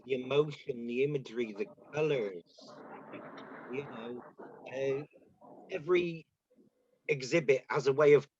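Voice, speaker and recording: A man plays a gallery regular who stammers and then gushes about paintings. His voice sits at a middle pitch. The sound is dull and lo-fi with faint background noise. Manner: hesitant, repeats words, then gushes. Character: enthusiastic male art-loving gallery regular. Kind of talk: amateur stage drama.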